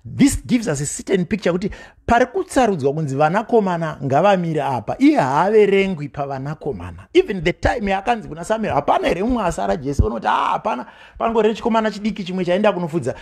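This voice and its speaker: A man preaching a sermon from home, switching between Shona and English, with rising passion and shouted calls. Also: high-pitched, breathy edge. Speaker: pastor.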